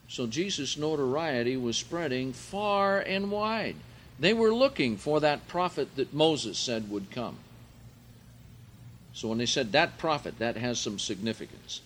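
A man preaching a sermon, reading scripture aloud and explaining Greek words, rising in pitch and volume for emphasis. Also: expressive, unhurried, a bit bright, slight background noise.

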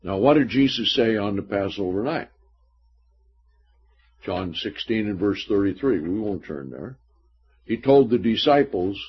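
A man's voice: lowish voice, lively intonation, husky. A man preaching a sermon, reading scripture aloud and stressing points emphatically. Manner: slow, emphatic Bible teaching with scripture readings. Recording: dull lo-fi recording.

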